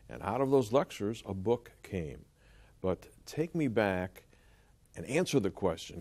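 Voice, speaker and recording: A man's voice: fairly low pitch, very animated, unhurried, vocal fry, darkish tone, slightly rough. A man hosting an interview, introducing his guest and asking short prompting questions. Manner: brief prompting questions, attentive. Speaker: interview host.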